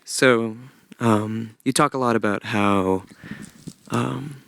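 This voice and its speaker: A man in the audience asks a question in a casual, friendly way, hesitating and using fillers as he goes. His voice is fairly low with a gravelly fry, and it sounds dry and close. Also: slow, fairly bright tone, no echo. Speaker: audience member. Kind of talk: question from the floor.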